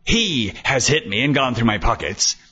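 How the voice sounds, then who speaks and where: A male audiobook narrator voicing a whiny, cowardly man who yelps his complaints in a high voice. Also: big pitch swings, moderate pace, pushed and bright, breathy edge, heavily acted. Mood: indignant. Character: whiny, cowardly middle-aged man caught in a scuffle. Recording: dull lo-fi recording.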